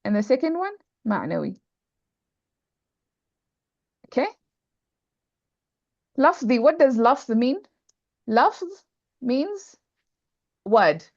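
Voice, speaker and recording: A woman's voice: on the high side, very animated, drawn-out words, pauses often, no echo. Female teacher, dull lo-fi call audio. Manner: patient, repeats terms and checks understanding. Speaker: Arabic grammar teacher. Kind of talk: online class explanation.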